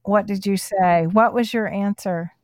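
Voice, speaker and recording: A woman's voice: medium pitch, steady tone, a little slow, darkish tone, dry recording, clean studio sound. A woman hosting a podcast, chatting with her co-host in an effusive, enthusiastic way. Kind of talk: casual podcast chat.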